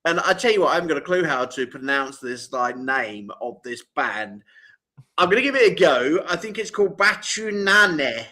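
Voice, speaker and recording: A man's voice: on the high side, expressive, normal speed, sharp tone. A man co-hosting a live music show, chatting in a playful, teasing way. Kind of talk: casual live-stream chat.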